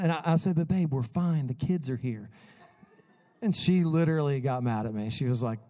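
A man preaching a sermon, telling lively stories and laughing at himself as he goes. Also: a little high, quick pace. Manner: animated, laughs at his own stories. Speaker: pastor. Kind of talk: sermon with storytelling.

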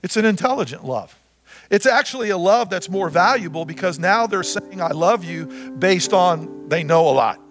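A man preaching a sermon as pastor, repeating phrases and swinging from loud to soft. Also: high-pitched, expressive, normal speed. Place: church sanctuary. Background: guitar music.

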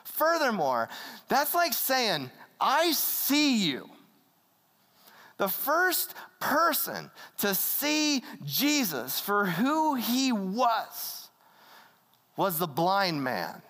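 Casual, animated preacher telling a story, with long hall reverb. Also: medium pitch, extremely slow. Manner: acts out quoted voices. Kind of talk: sermon.

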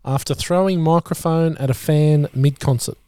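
Dry-witted man, slightly high. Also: fairly even intonation, normal speed, dark tone, clean tone, no room sound. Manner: dry, teasing quips. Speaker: podcast co-host. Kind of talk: casual chat.

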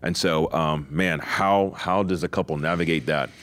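A man's voice: very deep voice, steady tone, a bit bright. A man co-hosting a podcast in casual discussion, affirming often and asking questions with fillers. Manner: affirming, quick to say amen and wow. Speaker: podcast co-host.

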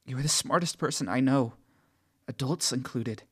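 A man voicing a kind, supportive teenage girl in an audiobook, speaking softly and encouragingly. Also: medium pitch, normal speed, husky, voice pushed up, natural voice. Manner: soft, encouraging.

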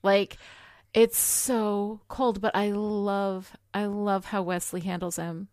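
A woman's voice: medium pitch, little pitch movement, slow, a little mellow, no room sound, studio quality. A woman co-hosting a casual chat about a TV episode, enthusiastic and full of "you know" fillers. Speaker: podcast co-host.

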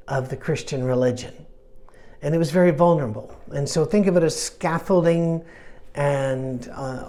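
A man's voice: fairly high pitch, a little mellow. A middle-aged man preaching a sermon in a conversational way, with self-deprecating asides. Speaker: pastor.

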